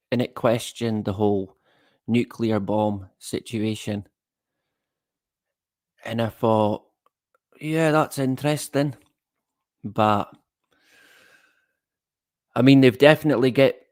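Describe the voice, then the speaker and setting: A man's voice: mid-range voice, steady tone, a little slow, long pauses, darkish tone, no echo, studio quality. A man hosting a casual livestream. He rambles from one thought to the next, greets viewers by name and chuckles at his own jokes. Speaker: livestream host.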